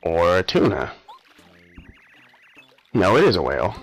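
A man's voice: low-pitched, wildly swooping pitch, measured pace, pauses often, husky, faint music behind, rough recording. A young man casually commenting on a game he is playing, offhand and sarcastic with mumbled asides. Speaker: let's play host.

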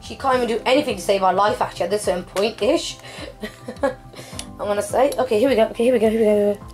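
A young woman streamer chatting casually through an unboxing, excitable and apologetic, with many fillers and restarts. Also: medium pitch, rapid-fire, faint music behind. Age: young adult. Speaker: gaming streamer.

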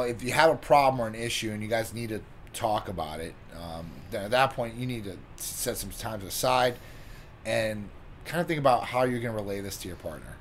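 A middle-aged man co-hosting a relationship advice chat, explaining his points in a calm, measured way. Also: fairly low pitch, slight background noise. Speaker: co-host giving relationship advice.

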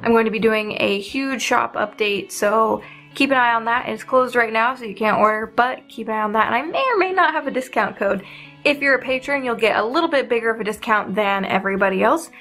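Excitable young woman host, higher voice, chatty unboxing vlog with light music under. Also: a little fast. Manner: bubbly, excitable, giggly. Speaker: art channel host. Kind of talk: casual unboxing chat.

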